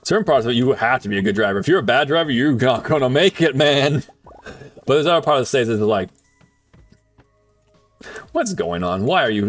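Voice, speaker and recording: A young man chatting casually on a live game stream, rambling and animated, swearing now and then. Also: medium pitch. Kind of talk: casual live-stream chat while gaming.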